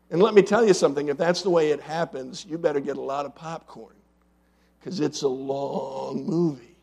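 A man preaching a sermon as pastor, asking his congregation rhetorical questions and swinging between loud emphatic lines and quiet asides. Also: a little high, moderate pace, gravelly, slightly rough.

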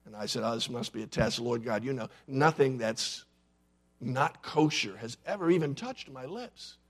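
A man's voice: mid-range voice, animated, moderate pace, husky, voice pushed down. A man voicing an earnest middle-aged man who retells his vision in a plain, conversational way.

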